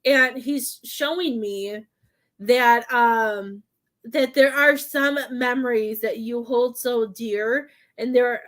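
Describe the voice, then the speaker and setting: A woman with a slightly high voice speaks slowly while doing a psychic medium reading on a live stream. She rambles hesitantly, fills her speech with fillers, and often gets choked up with emotion.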